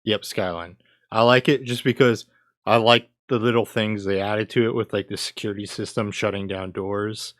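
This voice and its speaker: A man's voice: lowish voice, fairly even intonation, normal speed, no echo, clean studio sound. A young adult man hosting a casual gaming podcast, rambling with lots of filler words. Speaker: podcast host.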